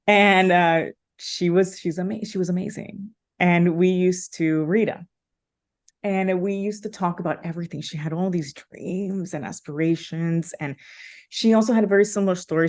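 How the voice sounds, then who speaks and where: A woman's voice: fairly low pitch, a little mellow. Heartfelt woman telling her story. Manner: heartfelt, many fillers and restarts. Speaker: podcast guest. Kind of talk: emotional personal storytelling.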